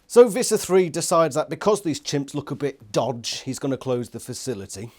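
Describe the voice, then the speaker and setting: A man's voice: mid-range voice, expressive, normal speed, darkish tone. A man giving an exasperated, sweary, sarcastic book review rant. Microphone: phone nearby.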